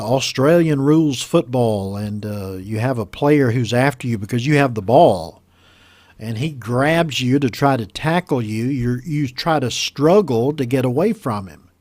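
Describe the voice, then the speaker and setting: A man with an American accent teaching English pronunciation, reading a news story aloud and explaining words slowly and patiently. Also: medium pitch, darkish tone, no room sound. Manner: slow, patient, repeats words for learners.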